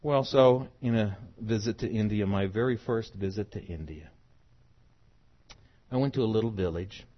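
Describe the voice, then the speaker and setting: A middle-aged preacher delivers a sermon in a low, husky voice. He is emphatic and swings from soft to loud. The recording sounds muffled and dull. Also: moderate pace. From United States.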